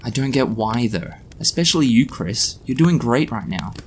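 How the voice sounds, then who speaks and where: A man's voice: mid-range voice, very animated, moderate pace, slight background noise, close to an everyday voice. A man voicing a weary, unimpressed young male shop clerk with a dry, sighing manner.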